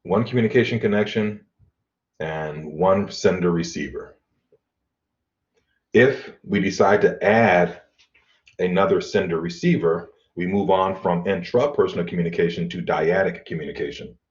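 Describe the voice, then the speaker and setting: A middle-aged man teaching an online college class, explaining in a relaxed way with fillers and throat clearing. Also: sits low, moderate pace. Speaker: college instructor. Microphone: computer mic on video call. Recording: dull lo-fi video call audio.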